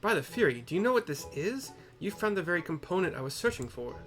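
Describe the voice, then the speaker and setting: A man reads an excitable noble inventor in lofty, old-fashioned speech. The delivery is theatrical and formal, and clear game music plays behind him. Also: sits high, quick pace, pitched above the performer's own voice. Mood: excited. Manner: formal, theatrical, archaic phrasing.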